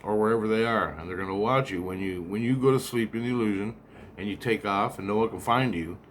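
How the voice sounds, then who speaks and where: A man's voice: lowish voice, quick pace, a little hiss or hum. A man talking straight to the camera in a rambling, profane monologue that keeps doubling back and repeating itself. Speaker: vlogger.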